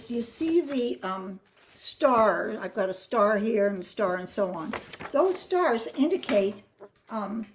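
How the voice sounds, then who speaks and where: An older woman teaching flute phrasing, explaining patiently and singing rhythms and counting beats aloud. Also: fairly high pitch. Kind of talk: music masterclass.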